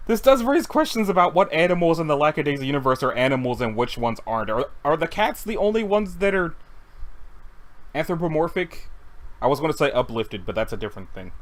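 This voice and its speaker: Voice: mid-range voice, big pitch swings, fairly quick. A webcomic reader chatting casually at a computer, rambling and interrupting themself. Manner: giggly, rambling, self-interrupting. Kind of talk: casual comic read-along.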